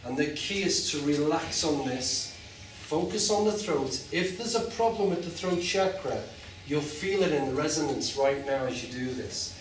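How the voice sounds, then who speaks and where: A man leads a live group through a guided chakra meditation, talking in slow, soothing instructions and drawing out long chanted tones. He is picked up from far off in a large, very echoey room. A faint hiss of noise sits under his voice. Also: mid-range voice. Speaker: meditation teacher.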